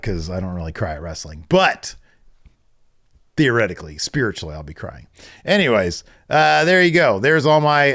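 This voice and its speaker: A man hosting a wrestling podcast, excitable and profane, grading matches in casual talk and mocking wrestlers in put-on voices. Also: medium pitch.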